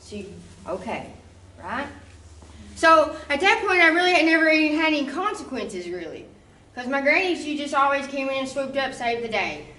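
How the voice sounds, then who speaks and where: A woman's voice: sits high, sing-song, moderate pace, sharp tone, echoey room, far from the mic, rough recording. A young woman giving a casual personal testimony, full of asides to the listeners. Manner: casual storytelling with frequent asides. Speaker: speaker giving a recovery testimony.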